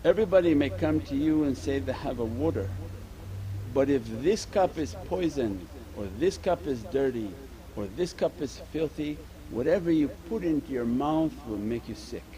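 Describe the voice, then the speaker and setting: A man's voice: on the high side, animated, moderate pace, a crowd in the background, poor audio. A man giving an earnest Sufi sermon, repeating his points and mixing Arabic religious terms into English. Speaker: Sufi teacher.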